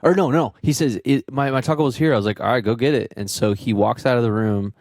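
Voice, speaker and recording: A young man and podcast co-host telling a tour story in casual chat, animated and swearing, mimicking friends in a raised voice. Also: medium pitch, quick pace, dry recording, clean studio sound. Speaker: podcast co-host, band member.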